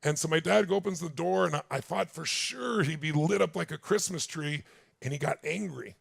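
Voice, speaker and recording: Man in his sixties, motivational seminar speaker, gravelly voice, fairly high pitch. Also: moderate pace, no echo, studio quality. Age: 60s. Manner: intense storytelling, addresses the audience directly. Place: large stage with live audience.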